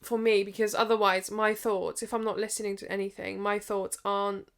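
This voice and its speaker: A young woman on a podcast speaks with a gravelly, fry-laden voice at a mid pitch. She is reflective and supportive, offering gentle advice in casual chat. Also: level tone, a little fast. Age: young adult. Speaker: podcast co-host.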